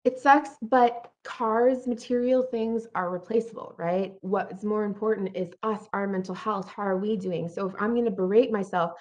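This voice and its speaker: A woman giving an earnest motivational talk, who keeps checking in with her listeners by asking "right?" and acts out her inner thoughts in quick bright bursts. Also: medium pitch, fairly even intonation. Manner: earnest, encouraging, often asks "right?". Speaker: motivational speaker.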